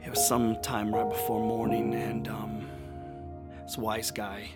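A man's voice: fairly low pitch, completely flat delivery, close to an everyday voice. A man playing a remorseful fisherman disciple. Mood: tense. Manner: confessional, halting, swelling into shouts. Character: remorseful male fisherman disciple, adult, impulsive. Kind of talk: dramatic monologue over music. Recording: music playing underneath.

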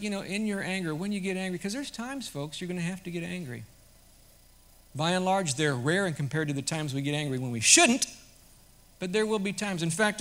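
A male pastor delivers a sermon in a bright, slightly high voice. He talks in a conversational way, then builds to loud, emphatic peaks.

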